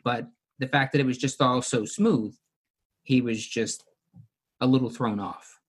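A man's voice: mid-range voice, a little slow, husky. A man recapping and discussing a television episode with co-hosts in a casual chat, with frequent fillers.

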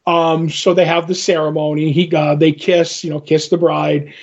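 A man co-hosting a podcast in casual comic book chat, retelling scenes with animated character lines. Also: on the high side, normal speed, muffled recording. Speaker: podcast co-host.

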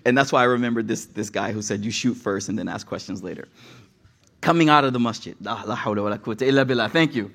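A young man giving a casual sermon, an animated, digressive storyteller who talks straight to the audience. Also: fairly low pitch, quick pace. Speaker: preacher.

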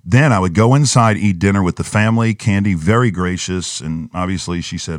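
A man's voice: low-pitched, a little fast, few pauses, no echo, studio quality. A man, a pastor, telling an earnest personal story in a podcast conversation and acting out the voices in his head.

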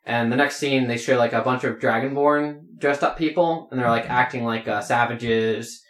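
A man's voice: medium pitch, fairly even intonation, normal speed, a bit bright. A man running a tabletop game as game master, rambling with many fillers. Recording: roomy echo.

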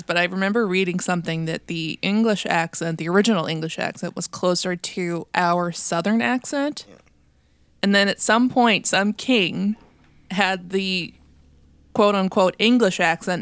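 A woman's voice: on the low side, moderate pace, a bit bright, clean tone, no room sound. Woman, podcast co-host, casual chat, explaining, dry sound. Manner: explaining, chatty.

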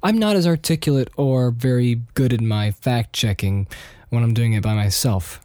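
A man's voice: mid-range voice, normal speed, warm tone, dry recording. A young man talks through a casual solo podcast, slightly nasal and self-deprecating. He rambles, restarts his sentences and wanders between thoughts. The sound is close and dry. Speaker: podcast host.

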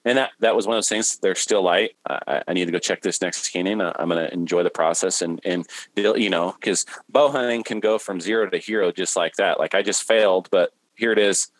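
A man guest on a podcast, telling a hunting story in a lively way and acting out his own thoughts. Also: low voice, fairly quick, few pauses, no room sound, low-quality recording. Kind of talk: casual podcast conversation, storytelling.

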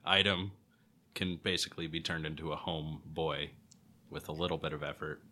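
A man co-hosting a podcast, chatting casually with dry deadpan asides. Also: very deep voice, normal speed, slight background noise. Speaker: podcast co-host.

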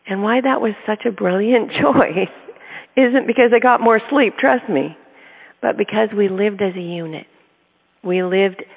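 A woman's voice: medium pitch, gravelly, breathy edge. A middle-aged woman, an autism advocate and parent, talking casually through personal stories in an earnest, chatty way, often laughing mid-sentence. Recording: tinny phone-like sound with long reverb.

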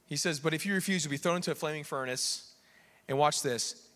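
A male pastor preaching an animated sermon, swinging between quiet asides and raised preaching and acting out the figures in quick voices. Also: fairly high pitch, in a large hall. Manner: acts out the king and others in quick voices. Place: church sanctuary.

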